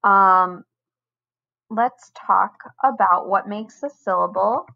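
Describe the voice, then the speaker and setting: Woman teacher talking slow n patient to little kids, over-enunciates, kinda dull lo-fi sound. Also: medium pitch, gravelly. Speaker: first grade teacher. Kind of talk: recorded online lesson for children.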